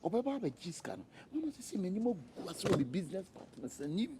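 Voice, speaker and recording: A man's voice: high voice, big pitch swings, quick pace, warm tone, slight background noise. A man with a Ghanaian accent, pleading and wheedling for money in a comedy skit. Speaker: son posing as a rich returnee from America. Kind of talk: comedy skit dialogue mixing English and Twi.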